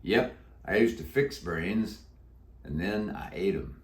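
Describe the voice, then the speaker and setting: An old cowboy zombie , as a man puts him on speaks in a deep, croaky drawl, slow and folksy. The voice sits very low yet swings widely in pitch. It is heard in an echoey room during a storybook reading. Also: animated. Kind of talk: storybook read-aloud.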